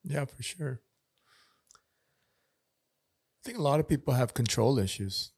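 A man's voice: medium pitch, lively intonation, takes it slowly, darkish tone, husky, no room sound, clean studio sound. A man in a casual podcast chat, talking earnestly and repeating his key points like a preacher.

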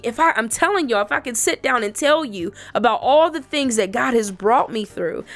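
A woman's voice: on the high side, fairly bright tone. A woman giving a personal faith testimony to other women. She speaks earnestly and emphatically, repeating herself for emphasis.

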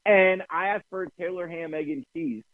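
New guy swearing through a rant, highish voice, phone-like dry audio. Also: normal speed, no room sound. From New Jersey. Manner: animated storytelling, swears freely. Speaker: podcast co-host. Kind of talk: casual chat.

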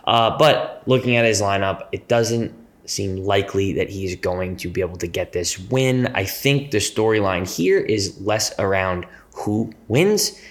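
A man co-hosting a fantasy football podcast, making predictions in a relaxed, joking way with hesitant fillers. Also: fairly low pitch, measured pace. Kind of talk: casual sports chat.

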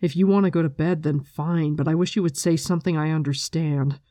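A reader voicing a stubborn, earnest young man who speaks slowly and patiently. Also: mid-range voice, no room sound, clean studio sound, lightly acted. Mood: frustrated. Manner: slow, steady and patient.

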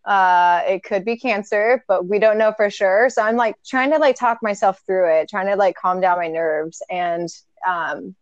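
A woman's voice: mid-range voice, normal speed, hardly any pauses, no room sound, lo-fi sound. A young adult woman co-hosting a podcast in casual chat, talking candidly, swearing freely and laughing often. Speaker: podcast co-host.

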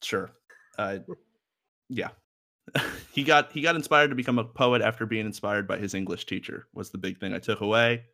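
A man co-hosting a podcast in an easy, offhand way, mostly short replies and dry asides. His voice is low-set but bright and forward. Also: normal speed. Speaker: podcast co-host. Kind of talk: casual podcast chat.

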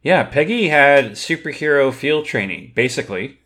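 A man's voice: mid-range voice, animated, fairly bright tone. Easygoing man reading from notes. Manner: easygoing, reads from notes, quick to laugh. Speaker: podcast co-host. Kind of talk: casual recap chat.

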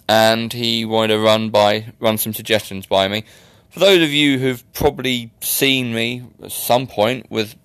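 A man's voice: on the low side, fairly bright tone, no echo. A young man hosting a casual solo podcast, chatty and rambling with self-mocking asides. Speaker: podcast host.

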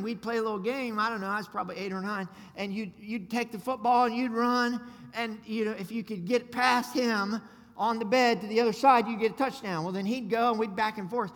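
Excitable preacher, high bright voice, shouted peaks, big reverberant church. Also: male voice. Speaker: pastor. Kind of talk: sermon. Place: church sanctuary. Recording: long hall reverb.

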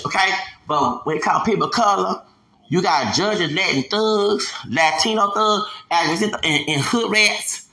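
A man's voice: high-pitched, bright, forceful tone, roomy sound, poor audio. A man in his forties from Houston, delivering a heated, emphatic podcast rant that keeps hammering the same points. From Houston, Texas. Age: 40s. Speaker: podcast host. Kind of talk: ranting podcast monologue.

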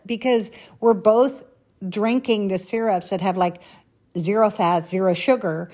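A woman talks to the camera in a loose, confessional way and keeps jumping from one personal story to the next. She speaks at a mid pitch, sounds candid and chatty, and acts out the people she quotes as she goes. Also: unhurried, a little mellow. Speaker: social media coach. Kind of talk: confessional casual chat.

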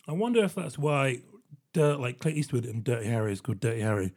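A man hosts a solo podcast in a mid-pitched voice. He rambles and jokes at his own expense, breaking into laughter often. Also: animated, fairly quick, darkish tone, husky. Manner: rambling, jokey and self-deprecating, with frequent laughs. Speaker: podcast host. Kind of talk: solo comedic podcast monologue.

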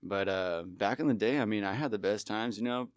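A man with a fairly low voice, a guest on a podcast, telling stories in an easygoing, laid-back way. His voice is dry and close to the mic. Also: a little fast, no echo. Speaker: guest, musician. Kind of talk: casual podcast chat. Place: podcast studio.

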